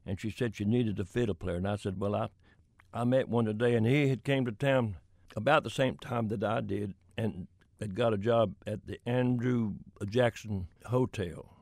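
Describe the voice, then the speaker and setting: Gravelly older man telling stories. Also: fairly low pitch, moderate pace, darkish tone, no room sound, clean studio sound. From Florida. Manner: folksy anecdotal storytelling with chuckles. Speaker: country singer-songwriter guest. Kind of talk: storytelling in an interview.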